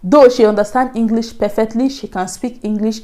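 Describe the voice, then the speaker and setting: A woman's voice: on the high side, fairly even intonation, normal speed, warm tone. A young Nigerian woman telling a personal story in a casual vlog, chatty and laughing often, with many fillers. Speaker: vlogger.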